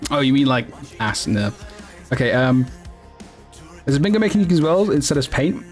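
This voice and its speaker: Soft music plays behind a man whose mid-range voice is very animated at a moderate pace. He's casually livestreaming, answering viewers as he rambles, corrects himself, and laughs often.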